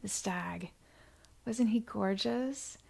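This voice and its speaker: A woman chats casually on a live stream, greeting viewers by name. Her voice sits at an ordinary middle pitch. She swings between gushing, high-spirited bursts and gentle, near-whispered thanks. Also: extremely slow, vocal fry. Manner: effusive and grateful, with sudden bright excited bursts and soft hushed thank-yous.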